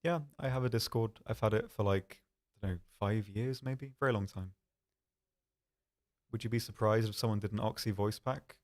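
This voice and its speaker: A young man talks through a casual live stream, reading out viewers' questions and answering them one by one. His voice sits a little low and stays soft and calm, and his delivery is dry and self-deprecating. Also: normal speed.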